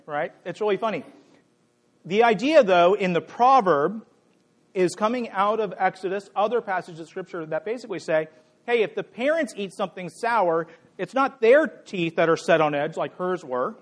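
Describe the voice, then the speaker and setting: Lively, high-voiced man preaching a sermon. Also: fairly quick. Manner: conversational, playful, jokes with the congregation. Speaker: pastor. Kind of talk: sermon with a live demonstration.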